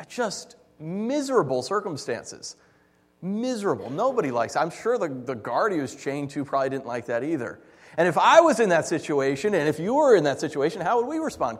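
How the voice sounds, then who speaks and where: A man preaching a sermon as pastor, animated and jokey, swinging between loud bursts and hushed asides. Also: fairly high pitch, moderate pace, long reverb tail.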